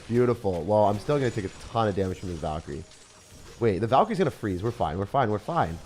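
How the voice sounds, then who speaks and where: A man streaming a mobile strategy game live, commentating his matches in an excitable, chatty way and talking to his viewers. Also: fairly low pitch, fast talker. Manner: animated, excitable, talks to chat. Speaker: gaming streamer. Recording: faint music behind.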